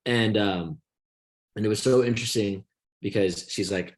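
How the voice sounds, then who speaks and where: A man's voice: fairly low pitch, moderate pace, long pauses. A young man co-hosting a podcast, telling long rambling stories in casual chat and swearing freely as he mocks the people in them. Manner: rambling storytelling, swears freely, mocking quoted voices. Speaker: podcast co-host.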